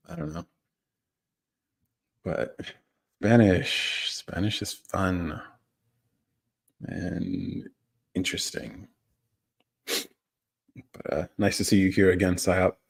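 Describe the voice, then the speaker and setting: A man's voice: low-pitched, slow pace, vocal fry, long pauses. A man hosting a live stream, chatting casually with viewers, reading their comments and chuckling often. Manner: laid-back, chuckles often, trails off. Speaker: livestream host.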